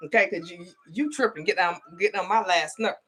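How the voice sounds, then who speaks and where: A middle-aged woman talks in a casual vlog with a bright, forceful tone. She rambles through her story and keeps checking in with the listener with "okay?" and "you know". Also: lowish voice, fast talker, slightly rough. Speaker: spiritual advisor.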